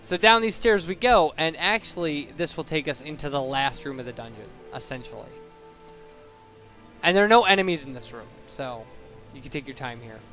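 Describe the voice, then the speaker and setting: Bright-voiced young man rambling over gameplay. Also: on the high side, expressive, moderate pace. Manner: rambling, digressive, self-correcting. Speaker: let's play commentator. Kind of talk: casual gameplay commentary. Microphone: boosted home microphone. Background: faint game music.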